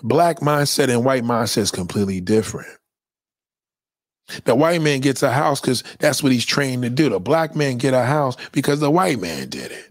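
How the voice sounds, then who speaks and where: A man's voice: medium pitch, animated, normal speed, no echo, clean studio sound. A man delivering a blunt, profane, opinionated monologue in a lecturing tone.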